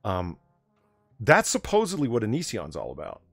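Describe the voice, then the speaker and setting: A man hosting a late-night casual chat stream, an animated storyteller who swears freely. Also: fairly low pitch, normal speed, no room sound, studio quality, faint music behind. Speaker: stream host.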